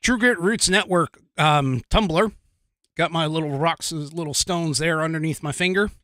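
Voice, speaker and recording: A man's voice: a little high, moderate pace, fairly bright tone, dry recording. Rambling, chuckling male podcast host. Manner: rambling, chuckling often, with many fillers. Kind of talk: casual livestream talk.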